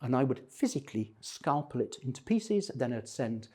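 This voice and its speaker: A man's voice: medium pitch, big pitch swings, normal speed, mellow, husky. A retired man in his sixties telling humorous, self-deprecating stories about his life to a church group. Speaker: speaker at a men's breakfast.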